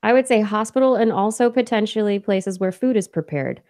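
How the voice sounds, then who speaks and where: A woman's voice: mid-range voice, fairly quick, a little mellow, no room sound, studio quality. A woman co-hosting a science podcast, casually walking through a research study with a few laughs and fillers along the way. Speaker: podcast co-host. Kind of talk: casual science news chat.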